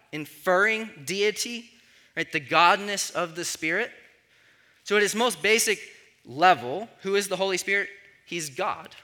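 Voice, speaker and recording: Guy preacher, pretty high voice, super bright and sharp, chatty teaching sermon, keeps saying right?. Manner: conversational teaching with frequent "right?" check-ins. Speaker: pastor.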